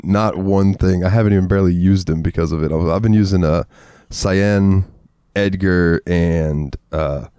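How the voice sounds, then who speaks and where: A very low-voiced man chatting on a podcast, loose and rambling, with easy laughs and casual swearing. His voice sits close and dry, with almost no room around it. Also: fairly even intonation, moderate pace, warm tone, smooth, no room sound. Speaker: podcast co-host.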